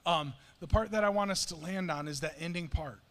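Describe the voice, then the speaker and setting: Pastor, middle-aged man, high-pitched, earnest, conversational sermon delivery, church hall reverb. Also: brisk. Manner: conversational, earnest, self-deprecating. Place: church sanctuary.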